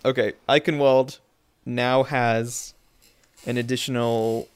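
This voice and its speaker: Man, gravelly voice, mid pitch, casual gaming podcast co-host, chatty and upbeat. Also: moderate pace.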